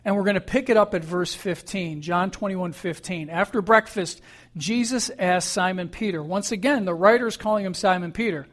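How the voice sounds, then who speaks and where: Guy pastor preaching, chatty storytelling, fairly high voice. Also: normal speed, fairly bright tone. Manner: conversational storytelling. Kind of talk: sermon.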